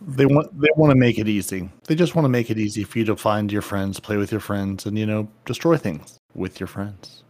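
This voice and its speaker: Stammering, playful podcast co-host. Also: male voice, lowish voice, fairly quick, hardly any pauses, darkish tone. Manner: playful paraphrasing with frequent stammered restarts. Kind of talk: casual gaming podcast chat.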